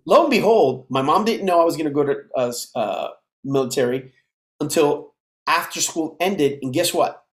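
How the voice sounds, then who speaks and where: A man in his fifties from the United States, a podcast guest telling his life story in a lively way and acting out the voices of the people in it. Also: on the high side, normal speed. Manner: animated storyteller who acts out dialogue. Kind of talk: casual storytelling interview. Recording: roomy echo.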